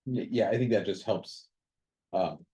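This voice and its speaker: A man speaks in a school board committee meeting with a very low, husky voice. His delivery is relaxed and he thinks aloud as he goes. The sound is dry and close. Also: unhurried, no echo, rough recording. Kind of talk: casual meeting discussion. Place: meeting room.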